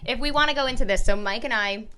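Bright, giggly woman co-host. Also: on the high side, quick pace. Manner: chatty, giggly, uses "like" a lot. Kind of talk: casual chat.

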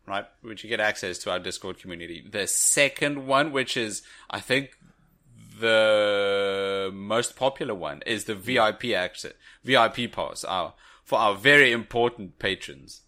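A man's voice: fairly low pitch, a little slow, pushed and bright. A man co-hosting a podcast, chatty and laughing often through casual chat. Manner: chatty, laughs while talking. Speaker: podcast co-host.

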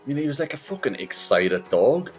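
A man's voice: mid-range voice, very animated, a little fast, soft background music. A man co-hosting a casual football podcast, riffing in a sweary, mocking comic way. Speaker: podcast co-host.

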